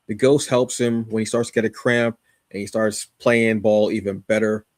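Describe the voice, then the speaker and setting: Man, podcast co-host, low pitch, dry sound, rambling, enthusiastic, casual comic review. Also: level tone, moderate pace, no room sound. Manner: rambling, enthusiastic, many fillers and restarts.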